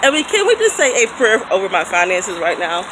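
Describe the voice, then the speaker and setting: A woman's voice: medium pitch, very animated, fairly quick. A woman, chatting casually and animatedly in a vlog, laughing often. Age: 30s. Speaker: vlogger. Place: outdoors in a city, by a fountain, then in a car. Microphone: phone held at arm's length. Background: street ambience, fountain, traffic.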